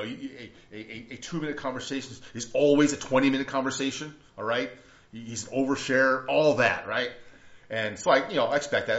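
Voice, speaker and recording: A man's voice: mid-range voice, a bit bright. Guy preaching casually, lots of "right?" and restarts, echoey room, kinda dull lo-fi sound. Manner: rambling, storytelling, frequent "right?" and restarts. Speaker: pastor. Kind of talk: conversational sermon.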